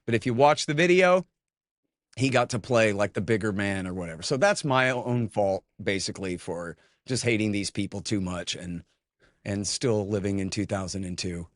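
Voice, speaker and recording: A man's voice: fairly low pitch, normal speed, no echo, studio quality. A man as an interview guest talking in a blunt, rambling, cranky way, full of fillers and restarts, tired from little sleep. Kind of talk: casual conversation.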